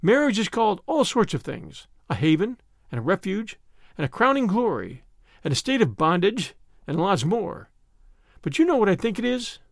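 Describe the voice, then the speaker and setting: A man's voice: high voice, sing-song, moderate pace, no room sound, studio quality. A man voicing an earnest young man who talks in a blunt, bossy and at times sarcastic way. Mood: fond.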